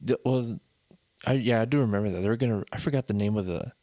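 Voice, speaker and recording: A man who is a music producer and rapper, chatting casually as a podcast guest in a relaxed way. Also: fairly low pitch, fast, no room sound. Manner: relaxed, short backchannels, laughs along. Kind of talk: casual chat.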